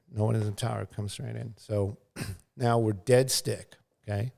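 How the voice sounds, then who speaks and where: A man's voice: lowish voice, little pitch movement, moderate pace, vocal fry, warm tone. A middle-aged man, a news pilot and guest, telling a casual, rambling story full of fillers and restarts, and acting out sounds and quotes.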